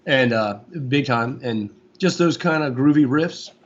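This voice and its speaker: Here the guest guitarist, a man in his forties from Florida, USA, talks a little slowly in a mid-range voice. He's relaxed and rambling, with lots of fillers, in a casual interview captured with dull lo-fi sound.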